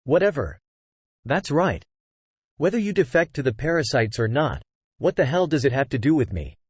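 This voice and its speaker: A man voicing a cold, scornful young woman warrior with a flat, dismissive delivery. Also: on the high side, moderate pace, breathy edge, no room sound.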